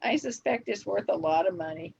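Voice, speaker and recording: An older woman speaks as a guest on a live stream, reminiscing with easy laughs and plenty of ums. Her voice is a little husky. The audio is dull and lo-fi, like a home computer mic. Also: medium pitch, brisk, darkish tone. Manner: reminiscing, frequent laughs and fillers. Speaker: guest TV writer. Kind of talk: relaxed anecdotal interview answers.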